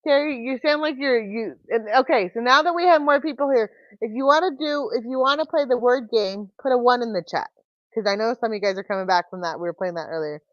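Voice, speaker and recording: A woman's voice: fairly high pitch, fast, no room sound. Rambling woman livestream host. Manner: rambling, many restarts and fillers. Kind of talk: casual chat. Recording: dull, lo-fi call audio.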